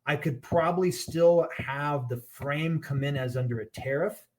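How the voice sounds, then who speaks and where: A man with a somewhat high-pitched voice talks casually on a podcast. He rambles and restarts often while working through costs and product plans. The tone is loose and conversational. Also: unhurried, darkish tone. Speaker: gear brand owner, podcast guest.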